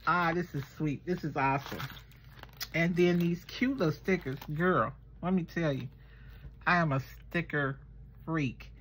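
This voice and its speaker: A woman vlogger chatting casually through a gift unboxing, gushing and excitable. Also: fairly low pitch, slight background noise. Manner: gushing, excitable, talks to viewers as girl and y'all. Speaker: craft vlogger unboxing swap gifts.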